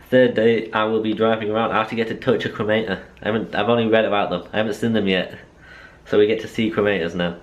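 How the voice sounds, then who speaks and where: Young man, rambling self-mocking vlog chat, lowish voice, dull recording. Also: fairly even intonation, quick pace. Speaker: vlogger.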